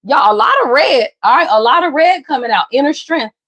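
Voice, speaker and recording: A woman's voice: sing-song, fairly quick, gravelly, fairly bright tone. A woman doing a casual tarot reading for viewers, talking emphatically and often calling out "somebody" and "y'all". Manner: emphatic, repeats "somebody" and "y'all", jumps in pitch. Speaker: tarot reader.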